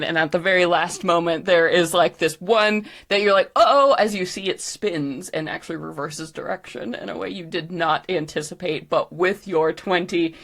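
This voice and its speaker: A woman narrating a tabletop game as game master, animated and chatty with quick asides. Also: on the low side.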